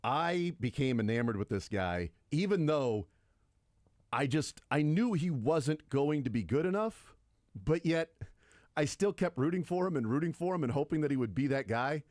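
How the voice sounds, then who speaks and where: A man's voice: fairly high pitch, lively intonation, moderate pace, darkish tone, no echo, clean studio sound. A man hosting sports radio talk, rambling in a casual and enthusiastic way about favorite old players. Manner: rambling, enthusiastic, fond of nostalgic player picks.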